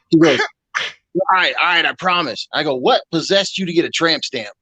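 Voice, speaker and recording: A man's voice: on the high side, animated, a little fast, bright, forceful tone, no echo, low-quality recording. A man and army veteran, casually telling joking stories from his service days. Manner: laid-back, joking storyteller. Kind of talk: casual chat.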